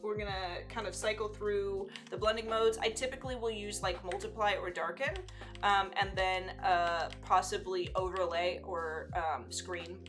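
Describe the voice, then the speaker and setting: A woman talks through her digital painting on a live stream, chatty and self-teasing, trailing into fillers and little asides. Her voice is bright and forward, mid-pitched, with soft music far underneath. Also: fairly even intonation, moderate pace. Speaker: digital artist and livestream host. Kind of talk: casual live art demo.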